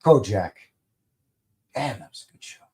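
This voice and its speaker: A man's voice: on the low side, animated, a little slow, a little mellow. A man hosting a live stream in a casual, rambling way, greeting viewers and reading their comments aloud with light jokes. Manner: jokey and informal, swears lightly. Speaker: livestream host.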